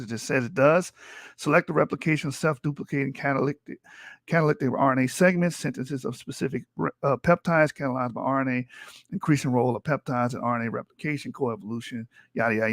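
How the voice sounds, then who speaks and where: A man's voice: mid-range voice, steady tone, fast, fairly bright tone, no echo, studio quality. A man hosting a livestream, reading textbook passages aloud and arguing back at them in a combative, profane way. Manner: combative and profane, with rising intensity. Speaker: livestream host. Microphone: streaming mic.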